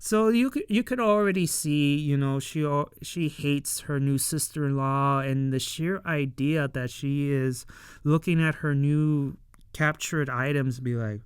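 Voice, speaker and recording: A casual reviewer talking through a TV episode at a slow, easy pace. The voice is very smooth and clean, recorded dry and close with no room sound. The talk rambles through fillers and slips into quick impressions of the characters. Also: medium pitch, dry recording. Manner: rambling, many fillers, acts out characters' lines.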